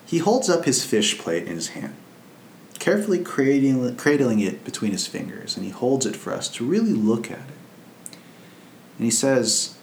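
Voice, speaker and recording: A man's voice: mid-range voice, big pitch swings, moderate pace, vocal fry, a little mellow, echoey room, slight background noise. A man, a Buddhist monk, giving a casual storytelling Dharma talk in a loose, conversational, anecdotal way.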